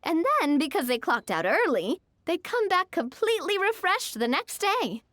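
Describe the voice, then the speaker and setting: A woman voicing a confident, upbeat noblewoman running a business in a video game, speaking in an animated way. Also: extremely high pitch, moderate pace, no echo, clean studio sound, heavily acted. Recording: game audio with music.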